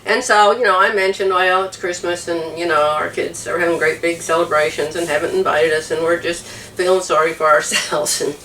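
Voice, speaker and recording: A woman's voice: fairly low pitch, level tone, moderate pace, few pauses, a bit bright, a little hiss or hum. Teary older woman telling a story. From United States. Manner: emotional, tearful, laughs while talking. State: teary from crying. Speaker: vlogger. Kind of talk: casual storytelling to camera. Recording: echoey room, a bit far from the mic.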